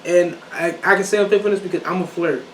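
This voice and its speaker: High-voiced playful young man in an echoey room. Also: steady tone, quick pace, fairly bright tone, far from the mic. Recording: echoey room, mic set back, faint hiss.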